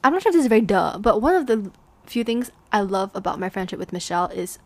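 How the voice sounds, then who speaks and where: A young woman co-hosting a casual podcast chat with a friend, giggly and animated, often restarting her sentences. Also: medium pitch, quick pace, no echo. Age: young adult. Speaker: podcast co-host.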